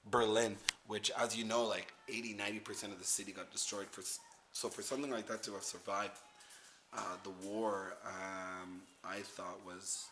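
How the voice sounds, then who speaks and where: A man's voice: on the low side, a bit bright, slight background noise. A man hosting a casual vlog, rambling through travel photos and repeating words. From Canada. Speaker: host.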